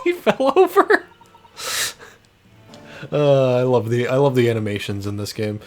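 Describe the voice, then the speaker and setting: Chatty, lively-voiced man playing a game. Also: mid-range voice, measured pace, pauses often, soft background music. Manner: chatty and self-mocking, swears casually. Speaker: video game let's-player. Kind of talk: casual gameplay commentary.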